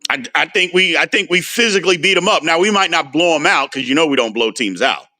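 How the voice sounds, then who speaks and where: A man hosting a casual sports livestream, animated and frustrated as he answers viewers' comments by name. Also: fairly high pitch, fast talker. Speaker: sports talk host.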